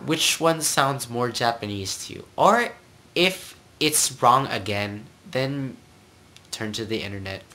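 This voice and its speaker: This is an amateur tutor talking through a casual lesson at a slow, unhurried pace. The voice is bright and clear, recorded on a simple home mic, and the delivery rambles, restarts phrases and keeps asking "okay?". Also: medium pitch, expressive. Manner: rambling, repeats words and keeps checking in with "okay?".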